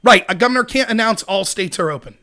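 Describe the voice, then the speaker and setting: Man, livestream host, very high voice, bright and sharp, heated sarcastic rant, argues with chat. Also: expressive, fast talker. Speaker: show host.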